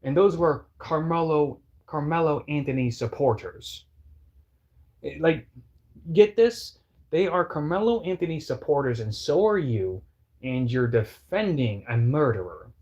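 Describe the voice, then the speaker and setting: A man's voice: fairly high pitch, expressive, a little slow, darkish tone. Rambling, heated man on dull lo-fi audio. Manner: rambling, heated, many restarts and fillers. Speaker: commentator. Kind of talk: casual reaction commentary.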